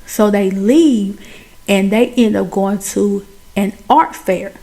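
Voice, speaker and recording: A woman's voice: mid-range voice, slow, gravelly, dark tone. A woman giving a chatty, colloquial recap of a film, retelling scenes with drama. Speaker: film reviewer.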